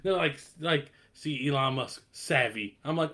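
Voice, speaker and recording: Bright-voiced man ranting profanely. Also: on the high side, animated, unhurried, hardly any pauses. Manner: ranting, profane, laughing often. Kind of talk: casual chat.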